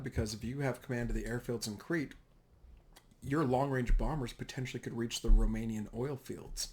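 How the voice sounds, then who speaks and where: Casual lower-voiced man lecturing on history. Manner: casual, rambling, self-correcting. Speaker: history teacher. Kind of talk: classroom history lecture over slides.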